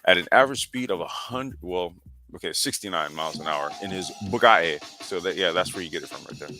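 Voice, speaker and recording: A man's voice: sits low, fast, music in the background. A man hosting a casual sim racing talk show, reading history aloud with lots of fillers and slang. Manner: laid-back, slangy, reads history aloud with frequent fillers. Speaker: podcast host.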